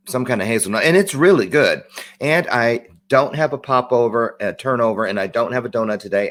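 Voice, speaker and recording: A man hosting a live-streamed talk show, opening with a chatty, joking monologue and lively asides. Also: lowish voice.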